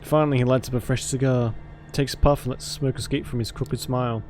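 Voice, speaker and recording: A man narrating a visual novel aloud in a measured, theatrical way. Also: medium pitch, steady tone, darkish tone, slight background noise. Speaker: streamer and voice actor.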